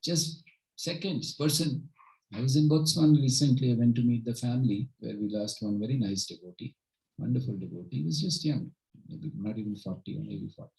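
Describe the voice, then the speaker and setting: A man speaking in an everyday mid-range voice, giving an informal devotional talk to a small gathering in a home. He is earnest and tells stories, often pausing to check that his listeners are following. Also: medium pitch, creaky, a little mellow, rough recording. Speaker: spiritual teacher leading a home gathering.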